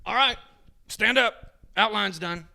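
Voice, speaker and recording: A man putting on the voice of a gruff old male tattoo artist who curses, rants and talks bluntly, pitched well above his own voice. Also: big pitch swings, fast, bright, forceful tone, full character voice. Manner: cursing, ranting, blunt.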